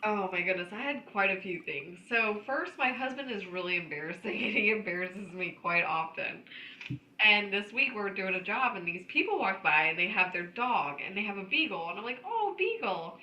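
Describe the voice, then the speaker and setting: Bright, laughing woman storyteller. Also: mid-range voice, a little fast, echoey room, slight background noise, low-quality recording. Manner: animated, laughs often while telling stories. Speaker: podcast co-host. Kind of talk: casual storytelling chat.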